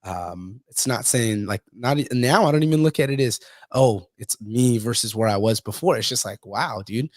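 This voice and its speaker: With a lowish voice captured in a clean studio free of room sound, a man hosts a podcast. He chats casually, telling stories heavy on swearing and laughter.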